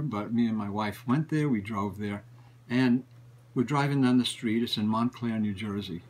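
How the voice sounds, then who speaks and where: This man, a book collector and regular on the show, has a lowish, slightly mellow voice and talks at a normal speed. He tells stories casually and ramblingly, often repeating himself and restarting phrases. The recording quality is low.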